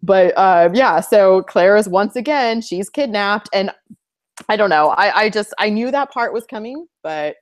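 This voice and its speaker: Animated woman chatting casually. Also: medium pitch, a little slow. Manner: animated, acts out lines in funny voices. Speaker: podcast co-host. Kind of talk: casual fan discussion.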